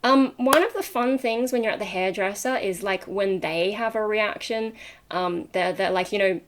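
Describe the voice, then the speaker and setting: A woman's voice: mid-range voice, moderate pace, slight background noise. Rambling young woman vlogging casually. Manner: rambling and tangent-prone, with frequent ums and likes; chatty, laughs often while talking. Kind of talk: casual rambling chat to camera.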